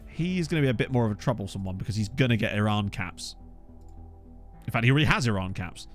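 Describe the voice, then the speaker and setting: A man in casual let's-play commentary, chatty and self-mocking as he thinks out loud at a desk microphone. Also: on the low side, animated, quick pace, faint music behind. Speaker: gaming YouTuber. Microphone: USB desk microphone.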